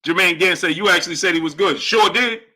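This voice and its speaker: A man's voice: high voice, fast talker. A young man hosts a live boxing stream. He reads viewer messages aloud and repeats his points with emphasis. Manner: animated, emphatic, repeats lines for effect. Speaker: boxing livestream host. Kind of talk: live stream chat, reading Super Chats.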